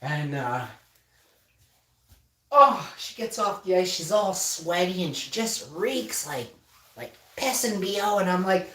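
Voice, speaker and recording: A man in his forties hosting a livestream, telling a story in a casual, animated way and breaking into loud excited shouting. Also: sits high, takes it slowly, far from the mic. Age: 40s. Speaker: livestream host. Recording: roomy sound, off-mic.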